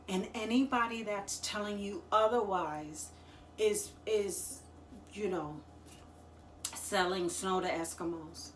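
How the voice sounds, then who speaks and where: A woman talking casually to the camera, giving business advice in a chatty, slangy and expressive way, laughing often. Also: on the low side, a little hiss or hum. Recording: echoey room.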